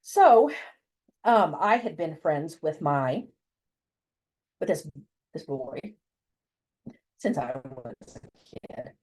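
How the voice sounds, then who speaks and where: A woman from the United States, an interview guest telling a personal story in a lively way and acting out the voices of the people she quotes. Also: low-pitched, slow pace, pauses often, slightly rough, poor audio. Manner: animated, acts out voices when quoting people.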